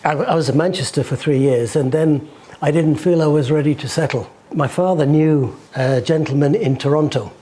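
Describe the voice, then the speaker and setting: A man in his sixties from England, recalling his life in an interview, rambling and halting with restarts. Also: on the high side, warm tone, slightly rough. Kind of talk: casual recollection.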